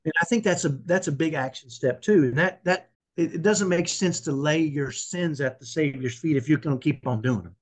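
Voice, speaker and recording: Podcast guest: earnest, preacherly man with a high, husky voice. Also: normal speed, few pauses. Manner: earnest, emphatic, preacherly, repeats himself. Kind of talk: conversational faith interview.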